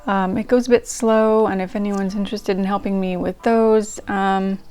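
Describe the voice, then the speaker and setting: Hosting her diary-reading channel, this woman talks to viewers at a normal speed in a clean, darkish, mid-range voice with fairly even intonation. Her casual chat wanders, full of ums and false starts. Ragtime music plays faintly in the background.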